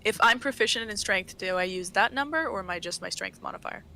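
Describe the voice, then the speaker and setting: A woman player at a tabletop game, talking quickly and asking about the rules. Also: mid-range voice, noisy background.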